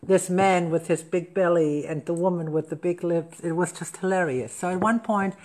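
A woman, a wedding celebrant hosting a casual talk show, telling an anecdote in a lively, self-correcting way. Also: on the low side, normal speed. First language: German. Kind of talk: casual storytelling chat.

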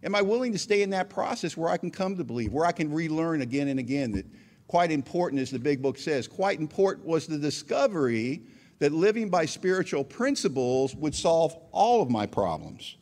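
A man's voice: a little high, sing-song, a little fast, darkish tone. A man speaking at a recovery meeting, telling his own story conversationally with frequent asides. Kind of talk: personal testimony talk.

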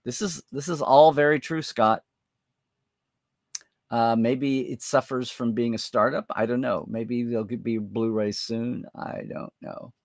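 A man's voice: mid-range voice, fairly even intonation, measured pace, dry recording, clean studio sound. A man hosting a live-stream chat, rambling and thinking aloud as he answers viewer comments. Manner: rambling, chatty, thinks aloud with many fillers. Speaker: host.

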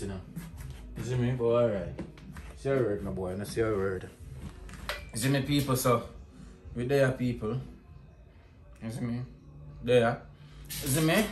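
A man's voice: mid-range voice, normal speed, long pauses. A Jamaican man chatting casually as a family vlogger, talking to viewers at home and often checking in with a repeated "you see me?". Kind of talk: casual vlog chat. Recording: echoey room with music behind.

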